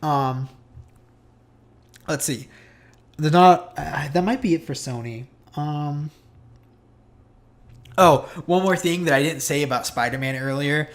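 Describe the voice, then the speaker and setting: A man co-hosting a casual podcast, excitable and rambling with lots of fillers. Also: fairly high pitch, slow, pauses often. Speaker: podcast co-host. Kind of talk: casual chat about video games.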